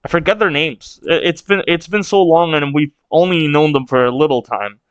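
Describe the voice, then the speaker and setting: A man's voice: on the high side, moderate pace, clean tone, no room sound, muffled recording. A man hosting a casual manga read-along reaction, rambling with restarts and casual swearing.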